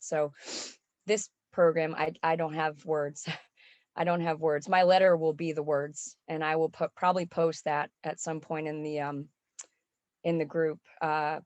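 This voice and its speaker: A middle-aged woman speaks a heartfelt, tearful testimony of faith. Her voice sits low and stays even in pitch. The sound is dry and close. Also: dry recording. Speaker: songwriting program member giving a testimonial. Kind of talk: emotional spoken testimonial.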